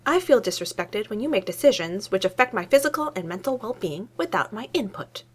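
Woman putting on a grumpy academic guy, low clipped grumbles. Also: expressive, fairly quick, slightly rough. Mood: grumbling. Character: fussy, grumbling British male academic.

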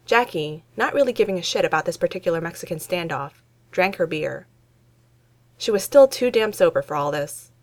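A woman narrating a fan fiction story aloud in a wry, relaxed way. Her voice sits a little lower than most women's. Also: moderate pace. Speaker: reader.

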